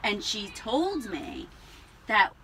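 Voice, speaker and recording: A woman's voice: on the high side, very animated, very slow, a bit bright, rough recording. A woman co-hosting a casual chat show, telling stories animatedly, acting out the voices she quotes and laughing often. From New Jersey. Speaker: podcast co-host.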